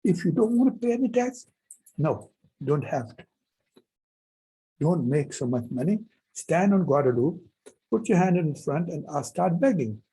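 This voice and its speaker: A male professor putting on the voice of a blunt woman tax preparer who scolds him in a matter-of-fact way, his voice raised and very husky. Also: on the high side, big pitch swings, unhurried, long pauses, mellow, exaggerated voice, poor audio. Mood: scolding.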